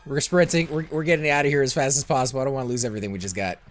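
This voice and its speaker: A young man hosting a let's play, commentating his fights and chatting with viewers, growing loud and excited during combat. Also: mid-range voice, very fast, faint music behind. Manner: excitable, reacts loudly to in-game fights, talks to chat. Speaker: gaming channel host.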